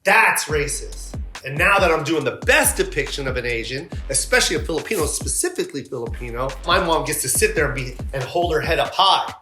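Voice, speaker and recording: A man's voice: a little high, very animated, fairly quick, hardly any pauses, sharp tone, roomy sound, soft background music. A male comedian talking in an interview, emphatic and indignant, with a lot of swearing. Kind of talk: animated interview talk.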